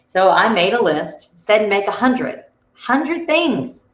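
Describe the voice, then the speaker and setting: A woman's voice: medium pitch, big pitch swings, slow pace. A woman leading a motivational workshop, telling personal stories in a chatty way with frequent restarts. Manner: chatty, storytelling, restarts often. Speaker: workshop leader. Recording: roomy, dull audio.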